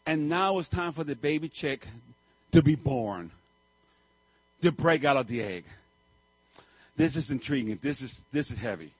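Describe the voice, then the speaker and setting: A male pastor delivers a sermon as a vivid story. His husky voice sits in a dry, close recording. He swings between hushed lines and sudden loud bursts. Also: medium pitch, lively intonation, measured pace, pauses often, dry recording, low-quality recording.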